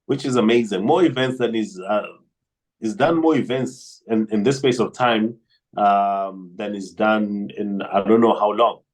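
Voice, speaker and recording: A man's voice: lowish voice, unhurried, rough recording. A man co-hosting a music podcast, talking casually and hesitantly with frequent restarts. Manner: hesitant, many restarts and fillers. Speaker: podcast co-host. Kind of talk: casual chat.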